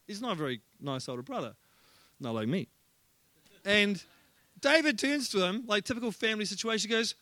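A male pastor preaching a sermon, with energetic, humorous storytelling. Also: sits high, a little fast, long pauses, no room sound.

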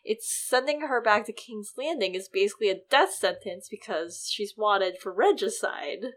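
A woman co-hosting a podcast, making quick joking remarks. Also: medium pitch, lively intonation. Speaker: podcast co-host and narrator. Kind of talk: casual chat.

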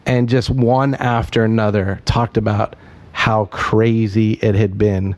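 A man's voice: lowish voice, flat delivery, unhurried, a little mellow. A man, a pastor, telling stories and making points emphatically in a casual podcast conversation.

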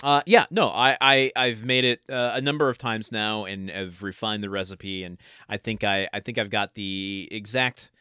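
A man's voice: fairly low pitch, steady tone, moderate pace, few pauses, pushed and bright, clear, resonant tone, dry recording. A man co-hosting a podcast, chatting casually with hesitant restarts and dry humor. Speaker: podcast co-host. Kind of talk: casual chat reviewing a sitcom episode.

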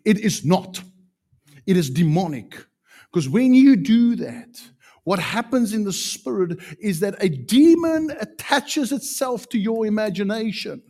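Animated preacher man. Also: high voice, unhurried. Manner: animated, emphatic preaching with sudden loud peaks. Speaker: pastor. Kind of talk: sermon.

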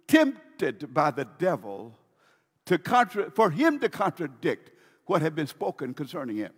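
A man's voice: high voice, big pitch swings, unhurried, husky, big-room sound. A man pastor preaching a sermon with emphasis, repeating key phrases and putting questions to his congregation.

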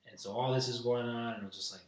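A man's voice: mid-range voice, fairly even intonation, fast, a little mellow. A young man telling a rambling, profane story in casual chat, heard from a distance in a room. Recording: roomy, distant mic.

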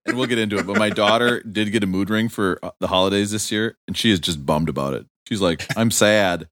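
A man's voice: on the low side, quick pace, no room sound, clean studio sound. A man co-hosting a music podcast, joking and wisecracking in casual chat. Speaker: podcast co-host. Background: loud music playing.

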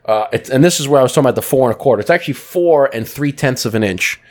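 A man's voice: mid-range voice, lively intonation, racing. A man co-hosting a podcast, talking with enthusiasm and describing flavors in detail. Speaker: podcast co-host. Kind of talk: casual chat.

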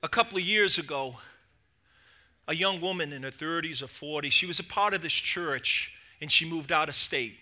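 Speaking at a moderate pace, a middle-aged man preaches as lead pastor, his impassioned delivery alternating between shouts and quiet asides.

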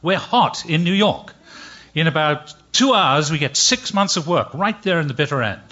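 A man telling a personal story live on stage, chatty and halting with many pauses. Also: mid-range voice, a bit bright, lo-fi sound. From England. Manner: chatty, hesitant with many ums.

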